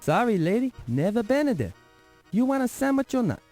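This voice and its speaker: A man's voice: very high-pitched, very animated, normal speed, a little mellow, soft background music. An actor playing a pushy, grumpy male street sandwich vendor with a thick Italian accent and broken grammar, in 1990s adventure game voice acting. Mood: dismissive. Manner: pushy hawking sales patter.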